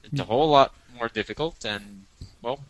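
A man's voice: mid-range voice, moderate pace, no room sound, poor audio. A man co-hosting a podcast in casual chat, playful and teasing, often repeating himself. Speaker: podcast co-host.

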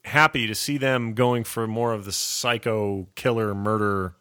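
A man's voice: fairly low pitch, steady tone, a little slow, bright, forceful tone, smooth, no echo, clean studio sound. A man hosting a casual podcast, joking, laughing often and rambling through asides. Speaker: podcast host.

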